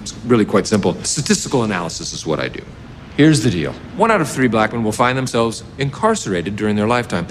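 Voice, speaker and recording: A man's voice: fairly low pitch, big pitch swings, fast, a little hiss or hum. An actor playing a naive, earnest man facing prison in film comedy dialogue, prim and precise.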